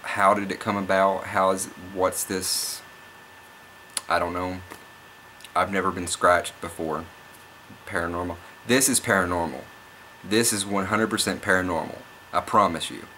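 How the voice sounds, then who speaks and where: Young guy vlogging, low voice but bright edge, rambly and worked up, faint hiss behind. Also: unhurried. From Oklahoma. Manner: rambling, excitable, restarts and repeats himself. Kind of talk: casual storytelling vlog.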